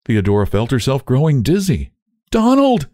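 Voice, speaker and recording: Expressive male audiobook narrator. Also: fairly low pitch, moderate pace, no room sound, studio quality. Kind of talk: audiobook reading.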